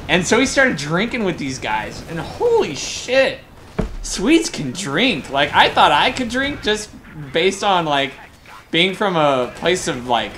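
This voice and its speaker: A young man from Colorado rambles through excited anecdotes as a game caster, swearing freely in loose, casual chat. His voice sits a little higher than most men's. A faint background hiss runs under the recording. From Colorado, USA. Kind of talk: casual storytelling during a game broadcast.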